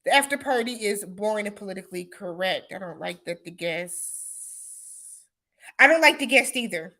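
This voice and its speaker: A woman hosting a casual livestream chat, answering viewer comments and laughing often, with relaxed speech full of y'all and imma. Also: mid-range voice, moderate pace. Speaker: livestream host.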